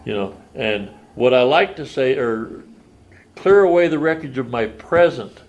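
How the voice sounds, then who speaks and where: Older man, folksy plain-spoken storyteller, meeting testimony, mid-pitched voice. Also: lively intonation, measured pace, a little mellow, muffled recording. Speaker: recovery meeting speaker. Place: meeting room.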